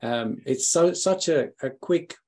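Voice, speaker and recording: A man hosting a podcast interview, speaking haltingly with many fillers and short affirmations. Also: fairly high pitch, animated, darkish tone. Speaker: podcast host. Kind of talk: casual interview wrap-up.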